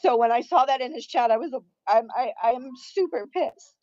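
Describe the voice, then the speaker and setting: A woman's voice: a little high, brisk, dark tone, dry recording. A woman crying as she rants on a livestream, furious and profane, repeating herself as she vents. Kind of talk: angry livestream rant. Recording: dull lo-fi stream audio.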